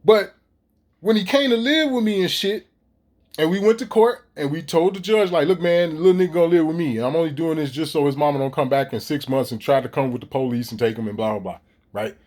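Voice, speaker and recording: A man's voice: fairly high pitch, a little fast, darkish tone. A middle-aged man, ranting profanely and animatedly straight to his viewers in a casual vlog. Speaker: vlogger. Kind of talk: casual ranting monologue to camera.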